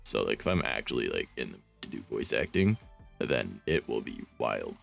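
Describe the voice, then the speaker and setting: A man's voice: extremely low pitch, very animated, normal speed, creaky, a bit bright, faint music behind. A man streaming, reading fanfiction aloud and rambling about it with wry, self-mocking asides.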